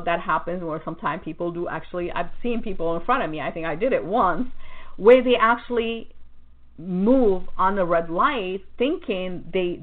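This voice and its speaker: A woman hosting a podcast, talking in a rambling, animated monologue full of fillers and restarts. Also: mid-range voice. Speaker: podcast host. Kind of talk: casual monologue about customer service. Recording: tinny phone-like sound.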